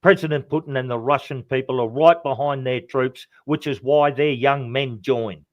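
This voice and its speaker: A man's voice: medium pitch, steady tone, normal speed, no room sound. An Australian man, a show guest, speaking with emphatic passion and repeating his phrases. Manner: emphatic, repeats phrases, calls others mate. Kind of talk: impassioned political talk.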